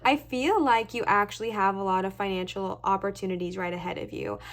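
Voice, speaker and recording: A woman's voice: medium pitch, fairly even intonation, brisk. A young woman giving a casual pick-a-card tarot reading to camera, chatty and reassuring, often checking in with "okay, bestie?". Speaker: tarot reader.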